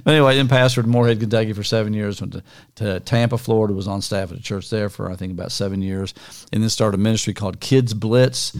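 An older man co-hosts a podcast, talking fast in a fairly low voice. His casual chat is folksy and teasing.

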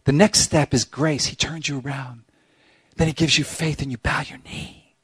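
A man preaching a sermon as pastor in a church, talking in an animated, emphatic way with lots of repetition, sometimes acting out voices. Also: fairly high pitch, moderate pace, breathy edge, no echo. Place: church sanctuary.

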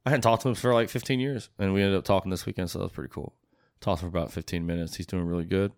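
A man's voice: low-pitched, fairly even intonation, racing, no echo, clean studio sound. A man hosting a podcast in a loose, rambling, profane way, talking casually with plenty of swearing. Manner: rambling, profane, laid-back. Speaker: podcast host. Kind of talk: casual chat.

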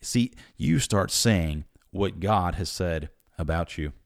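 A man delivers a sermon in a low voice, talking in a conversational but emphatic way. The recording is dry and close, with no room echo. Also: animated, slow pace. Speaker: preacher.

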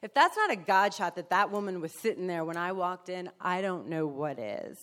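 A woman's voice: fairly low pitch, moderate pace. A woman giving a candid, emotional personal testimony, speaking frankly with blunt swearing and acting out the people in her story. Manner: animated storyteller who acts out other people.

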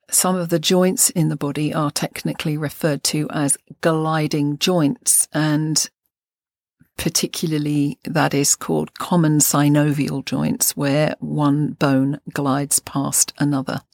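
An older woman in a measured, thoughtful way, explaining fascia and anatomy on a podcast. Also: sits low, creaky, no echo, clean studio sound. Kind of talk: podcast lesson.

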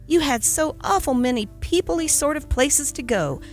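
A woman's voice: sits high, lively intonation, normal speed, soft background music, voice pushed up. A woman voicing an eager, earnest young boy in a storybook reading.

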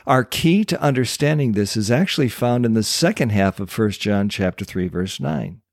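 Male Bible-teacher host, mid pitch, earnest, emphatic, dry close mic. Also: expressive, normal speed, gravelly, no echo.

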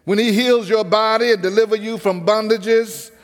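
A man with a high voice preaches a sermon in a rhythmic cadence, now and then calling on the congregation to answer back. His voice rings out with a long reverb around it. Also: fairly even intonation, normal speed.

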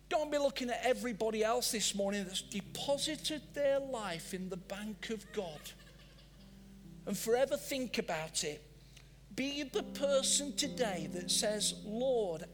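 High-pitched older man preaching. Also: a little hiss or hum. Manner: animated, swings between loud emphasis and soft, drawn-out phrases. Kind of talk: sermon. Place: church.

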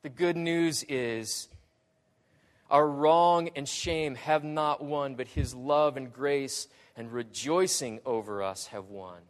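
A man preaching a sermon in slow, deliberate phrases that swell dramatically and then drop quiet. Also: medium pitch, long reverb tail.

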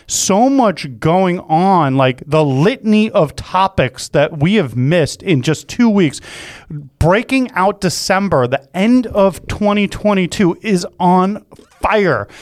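A man's voice: fairly high pitch, no room sound, clean studio sound. Rambling jokey male podcast host. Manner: rambling, self-mocking, jokey. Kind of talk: casual chat.

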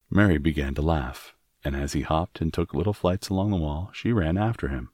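Man, audiobook narrator, measured storybook reading, dry close recording. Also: rumbling low, a little mellow, no room sound.

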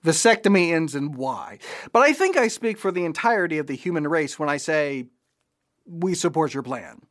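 A man's voice: fairly high pitch, expressive, normal speed. A man hosting a scripted political commentary show, delivering it with sarcastic, mocking asides.

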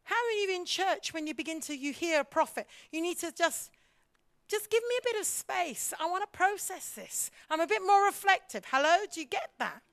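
In clean, echo-free studio sound, a woman with a very high-pitched voice teaches on leadership at church at a fairly quick clip. Lively throughout, she poses question after question to her listeners and mimics the people in her stories.

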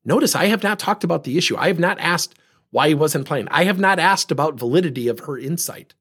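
Middle-aged male speaker, husky, lively pitch, acts out dialogue as he tells the story. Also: brisk. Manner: animated, acts out both sides of conversations. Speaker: leadership speaker. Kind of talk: storytelling talk on coaching.

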